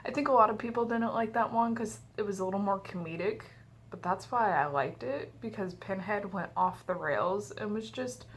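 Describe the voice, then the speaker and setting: A young woman talks casually through an unboxing at home, joking around and drifting into rambling asides. Her voice sits at a middle pitch. A faint hiss stays in the background. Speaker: vlogger.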